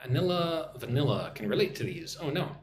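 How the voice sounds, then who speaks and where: A man from Texas with an American accent, hosting a live-stream English lesson, chatty and repeating phrases slowly for learners. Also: a little high, very animated, roomy sound, a little hiss or hum. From Texas, United States. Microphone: phone or computer mic for live stream.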